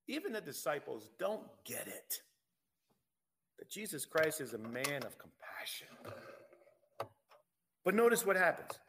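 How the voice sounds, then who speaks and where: A man's voice: on the high side, big pitch swings, takes it slowly, pauses often, fairly bright tone. A man preaching a sermon, reading scripture aloud and pressing his point with emphatic rhetorical questions.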